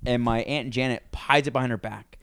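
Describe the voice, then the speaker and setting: A man in his thirties with a smooth, resonant voice tells loose podcast stories and slips into the voices of the people he quotes. His delivery is casual and lively, with some swearing mixed in. It's recorded close on a dry mic. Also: medium pitch, brisk, no room sound. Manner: storytelling, acts out quotes with swearing. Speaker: podcast co-host.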